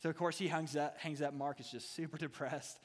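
A man's voice: on the high side, steady tone, a little fast. A man preaching a sermon as a student ministry pastor, with playful humorous asides. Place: church hall. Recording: reverberant hall.

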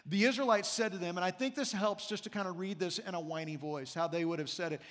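A man's voice: sits high, fairly bright tone, long reverb tail. A man preaching a sermon as senior pastor, emphatic and repeating his key phrases, in a church sanctuary.

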